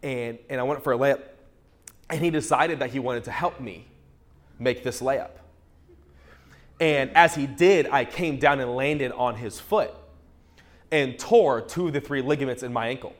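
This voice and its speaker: A male pastor preaching a sermon through a humorous, animated personal story, often restarting his words. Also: mid-range voice, a little slow, pauses often.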